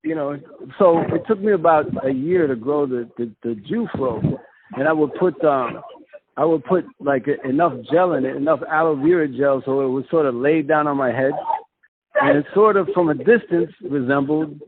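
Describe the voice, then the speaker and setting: A man from the Midwest tells a rambling story as a guest on a talk show, lively and laughing, his sentences full of restarts. His voice sits a little high. It comes through a tinny video-call line with a faint hiss underneath. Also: moderate pace. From American Midwest. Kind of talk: casual storytelling chat.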